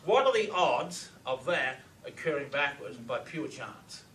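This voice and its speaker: A man's voice: mid-range voice, sing-song, a bit bright, a little hiss or hum. Man lecturing from a distant echoey mic. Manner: explanatory, matter-of-fact, pauses with fillers. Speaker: presenter on reverse speech. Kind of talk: lecture presentation playing audio clips. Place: lecture room with audience.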